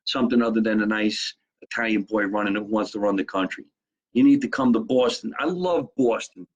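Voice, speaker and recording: Streaming live from his apartment kitchen, a middle-aged Jersey City, New Jersey comedian fires off brash wisecracks while reading viewer comments. His voice is medium-pitched, and the audio sounds dull.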